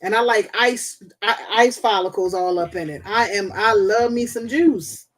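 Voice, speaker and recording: A woman's voice: mid-range voice, moderate pace. A woman hosting a casual live chat, giving blunt, profane, motherly advice. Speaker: host.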